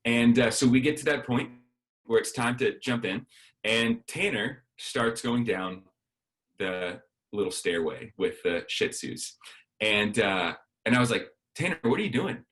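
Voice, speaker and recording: A man's voice: medium pitch, a little slow, fairly bright tone. A man giving a sermon as a guest speaker, telling a personal story and acting out the dialogue.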